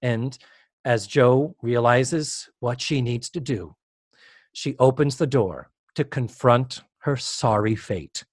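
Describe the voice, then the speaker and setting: A man co-hosting a casual recap chat, animated and quick to laugh, acting out the characters' lines as he goes. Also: mid-range voice, no room sound, clean studio sound. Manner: animated, acts out quotes with big laughs. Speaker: podcast co-host.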